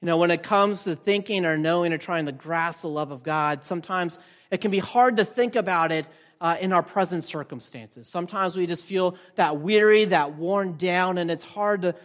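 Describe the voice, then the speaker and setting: A man with a slightly high voice speaks as a pastor from the front of a large, reverberant hall. His sermon is casual and searching, full of small fillers and restarts. Each phrase rings out in a long tail of reverb. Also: normal speed. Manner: relaxed, thinking aloud with frequent fillers and restarts. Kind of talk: conversational sermon.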